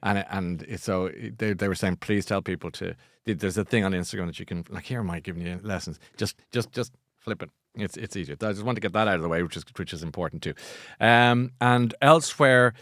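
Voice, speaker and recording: A man's voice: deep voice, a little fast, fairly bright tone, no room sound, studio quality. A middle-aged Irish man hosting a book show, chatting casually in a rambling, self-mocking, jokey way. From Ireland. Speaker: podcast host. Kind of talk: casual chat.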